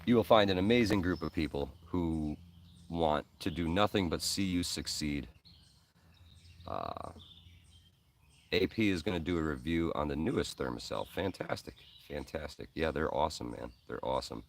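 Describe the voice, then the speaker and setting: With a bass voice, lively intonation, and a moderate pace, a Hudson Valley, New York man hosts a preparedness live stream. He rambles in a friendly way, answering viewers with many ums and uhs and calling people "man" and "bro." He's recorded from a distance, with a little hiss or hum.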